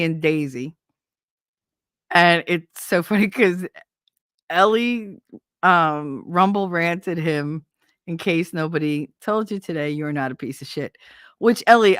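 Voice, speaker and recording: A woman hosts a relaxed livestream with a lowish voice, talking into a desk mic in a dry, close sound. She drifts between thoughts, swears casually and breaks into laughter often. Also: dry recording. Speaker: livestream host. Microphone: desk microphone.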